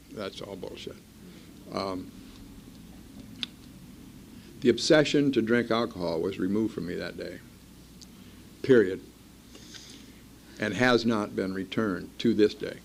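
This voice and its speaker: Gravelly older man, blunt and wry. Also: on the low side, unhurried, long pauses, a little hiss or hum. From Iowa. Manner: blunt, wry, self-mocking. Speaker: speaker at a recovery meeting. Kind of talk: personal storytelling talk.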